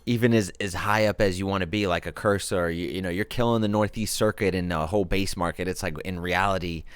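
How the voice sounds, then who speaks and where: A man's voice: sits low, fairly even intonation, fast talker, clean tone, no room sound. A man hosting a casual music podcast, laid-back and slangy, musing about the scene. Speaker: podcast host and music producer. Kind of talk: casual chat.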